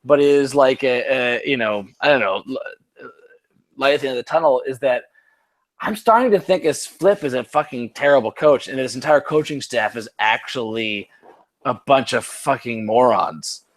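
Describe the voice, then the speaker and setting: A man's voice: mid-range voice, moderate pace. A man co-hosting a casual sports podcast, rambling and swearing with many restarts, a bit tipsy from drinking. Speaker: podcast co-host.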